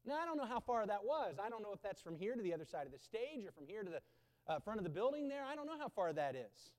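A man preaching a sermon from a church stage, swinging between loud urgent bursts and low quiet emphasis and repeating phrases to drive them home. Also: very animated, fast. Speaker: pastor. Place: stage in a large indoor church building. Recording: long hall reverb.

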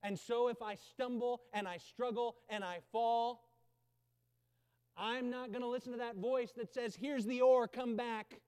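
A man preaching a sermon from a church stage, swinging between loud urgent bursts and low quiet emphasis and repeating phrases to drive them home. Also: fairly even intonation, unhurried, smooth. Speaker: pastor. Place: stage in a large indoor church building. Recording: long hall reverb.

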